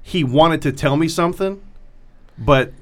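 Man, comedian, casual chat, profane, animated storytelling. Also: on the high side, measured pace.

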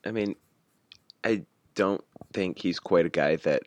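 A man co-hosting a casual sports podcast, talking in a blunt, wry way that builds into animated rants. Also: deep voice, measured pace, no room sound. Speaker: podcast co-host.

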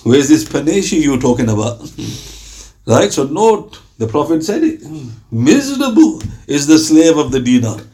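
A man's voice: on the high side, sing-song, normal speed, dark tone. A man giving an informal Islamic talk, talking conversationally and acting out little dialogues with rhetorical questions. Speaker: Islamic preacher.

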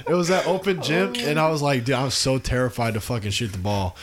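A man's voice: mid-range voice, quick pace, over a noisy crowd. A young man in casual podcast chat, loose and slangy, calling everyone dude. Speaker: podcast co-host.

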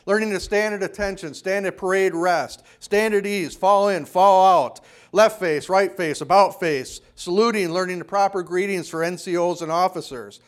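A man preaching a sermon, telling a story from his own time in the army and lowering his voice to quote a drill sergeant. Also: fairly even intonation, moderate pace. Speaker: pastor.

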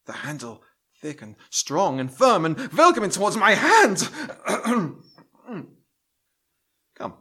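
Comedy sketch: a man as a hammy auditioning actor, bright, swooping declamation. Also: sits high, huge pitch swings, takes it slowly, pauses often, breathy edge, exaggerated voice. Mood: theatrical. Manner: theatrical, carried away, shouting at peaks. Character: overexcited male actor auditioning.

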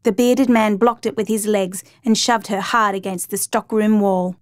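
A woman narrating a true crime story in a steady, measured reading voice. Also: mid-range voice, no room sound.

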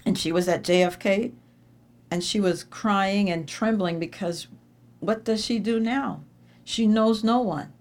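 Speaking unhurriedly in a medium-pitched voice, a middle-aged woman gives an uplifting faith talk before a live crowd. She tells her stories with lively, emphatic repetition.

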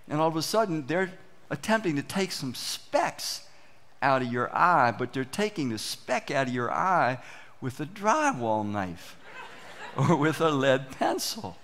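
Pastor guy preaching in church, acts out his little stories, slightly high voice. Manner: animated storytelling, acts out quoted exchanges. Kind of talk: sermon.

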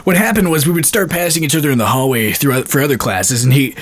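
A man's voice: mid-range voice, quick pace. A young man from Canada co-hosting a podcast, telling stories in casual chat and laughing often. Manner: laughs often, lively storytelling. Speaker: podcast co-host.

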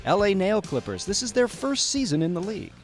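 A man calls a basketball game from the side of a gym in a mock-serious announcer voice. His delivery is dry and deadpan, pitched high and swinging widely up and down. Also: a little fast, soft background music. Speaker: play-by-play commentator. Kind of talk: deadpan comedic sports commentary. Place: community gym, courtside.

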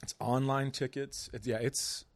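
A man's voice: medium pitch, steady tone, measured pace, no room sound. Easygoing male podcast guest, dry sound. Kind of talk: casual chat.

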